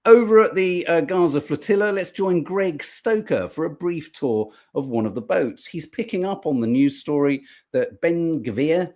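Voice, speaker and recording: A man's voice: fairly high pitch, lively intonation, moderate pace, hardly any pauses, a little mellow. A man hosting a podcast, commenting on news clips in a sarcastic, swearing, mocking way. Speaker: podcast host.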